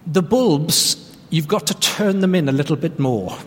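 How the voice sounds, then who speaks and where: A man's voice: fairly high pitch, animated, measured pace, in a large hall, noisy background. A man imitating a friendly Irish electrician with a broad Irish accent, speaking in a laid-back, matter-of-fact way.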